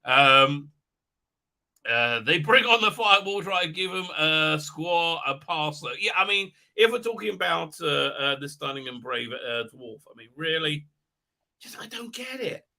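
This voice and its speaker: Animated, very bright-voiced middle-aged man. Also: a little high, measured pace, vocal fry. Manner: rambling, animated, with many restarts. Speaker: livestream host. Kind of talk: casual live-stream chat, reading viewer comments.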